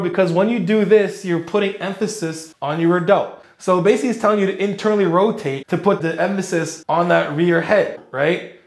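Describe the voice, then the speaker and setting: A man's voice: high voice, a little fast. A man coaching fitness in casual commentary, talking energetically with slang and thinking aloud.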